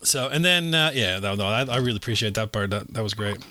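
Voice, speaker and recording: A man's voice: fairly low pitch, animated, fast, sharp tone, a little hiss or hum. A man in casual conversation about a movie, rambling with many fillers and restarts.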